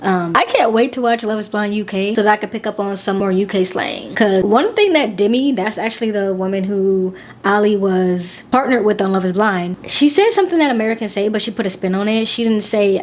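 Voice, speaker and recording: A young adult woman giving casual, chatty reaction commentary as a vlogger, talking in an animated and slangy way. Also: mid-range voice. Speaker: vlogger reacting to a dating show.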